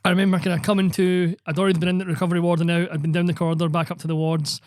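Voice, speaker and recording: Fast-talking young Scottish man. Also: high-pitched, no echo. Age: young adult. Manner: sweary, animated storytelling. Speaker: podcast co-host. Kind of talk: casual chat.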